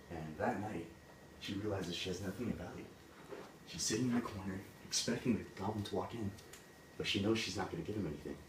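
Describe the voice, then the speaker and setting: A man retells a fairy tale in loose, chatty speech, leaning on "like" and "he's like". His low voice is picked up from a distance in a roomy space, with steady background noise. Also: brisk. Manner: casual, full of "like" and "he's like". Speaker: storyteller.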